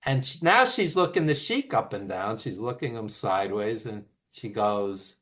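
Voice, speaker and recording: A man telling road stories as the guest of an interview, animated and quick to act out quotes. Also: on the low side. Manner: animated anecdotes with acted quotes and laughs. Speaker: author and wrestling writer, guest. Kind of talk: casual storytelling interview.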